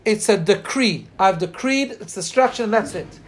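Male Torah teacher, high-pitched, earnest storyteller who drags out quoted lines and stops to find his place. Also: expressive. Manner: pauses to share screen and look up text. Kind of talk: Torah class.

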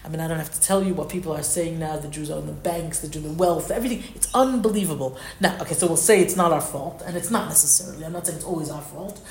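A woman giving an animated Torah lesson, quoting Hebrew texts and explaining them with rising emphasis. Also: sits low, fast, hardly any pauses, roomy sound, slight background noise. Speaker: Torah teacher. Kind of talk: lecture.

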